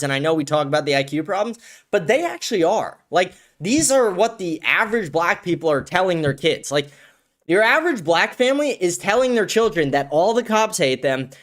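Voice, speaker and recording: This show host has a slightly high, fairly bright voice. Alone on his commentary show, he rants in a heated, profane way, restarting sentences clumsily by repeating words.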